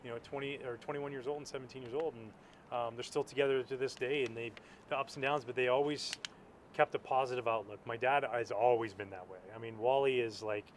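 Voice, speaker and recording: Relaxed reflective man from Canada. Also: mid-range voice, fairly quick, slight background noise. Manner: relaxed and reflective, filler-heavy. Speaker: interview guest, former pitcher. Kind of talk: casual interview chat. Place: outdoors at a ballpark.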